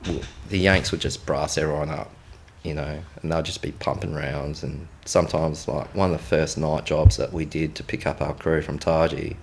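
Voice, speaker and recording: Against slight background noise, an Australian podcast guest who used to be a military contractor tells blunt, profanity-laced war stories, performing the dialogue. His voice rumbles low with vocal fry, steady in tone at normal speed.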